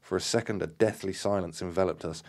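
A man with a very deep voice reads a supernatural story aloud. He stumbles and restarts often, adds casual remarks, and bursts into loud acted-out shouts for the characters. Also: fairly even intonation, fast. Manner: acts out shouted dialogue, many fillers and restarts. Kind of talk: reading aloud from a book with comments.

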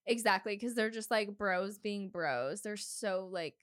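A woman's voice: medium pitch, unhurried. A woman co-hosting a casual podcast chat, filling her talk with "like" and imitating people as she tells stories. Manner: animated, heavy use of "like", mimics people in quotes. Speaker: podcast co-host. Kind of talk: casual chat recapping a reality show.

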